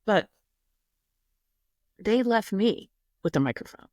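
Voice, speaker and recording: A woman guest on a podcast, a foundation founder speaking reflectively in casual conversation, often pausing with "you know". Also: medium pitch, animated, a little mellow, dry recording, studio quality. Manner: reflective, halting, many "you know" fillers.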